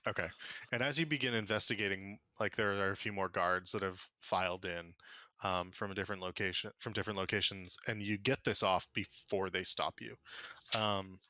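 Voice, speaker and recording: Game master, man, casual tabletop narration, bright, dry close mic. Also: low voice, fairly even intonation, dry recording. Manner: casual, quick, many fillers.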